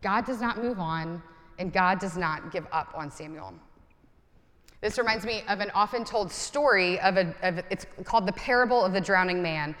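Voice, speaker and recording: A woman's voice: on the low side, normal speed, fairly bright tone, long reverb tail. A woman pastor in her thirties giving a conversational sermon with self-deprecating humor.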